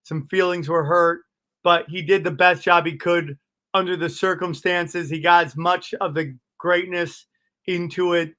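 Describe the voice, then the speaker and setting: Male comic guest, high and sharp, animated, swears freely, spins casual anecdotes. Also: unhurried. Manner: animated, profane, laughs at his own stories. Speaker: comedian guest. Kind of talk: casual storytelling interview.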